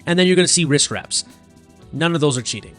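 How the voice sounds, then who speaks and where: A man's voice: on the high side, animated, quick pace, fairly bright tone, soft background music. A strength coach hosting his own show, ranting bluntly and profanely and firing off rhetorical questions. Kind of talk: solo rant to camera.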